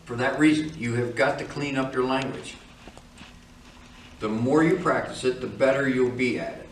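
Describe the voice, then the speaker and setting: A man's voice: mid-range voice, moderate pace, a little hiss or hum. A man instructing flight students in a classroom, speaking in a firm, direct, lecturing manner. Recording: echoey room, from far off.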